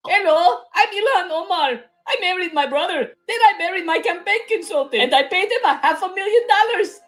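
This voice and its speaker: A man's voice: extremely high pitch, lively intonation, a little fast, fairly bright tone, pitched above the performer's own voice. A man putting on a smug female politician's voice in a mock-formal, nasal way.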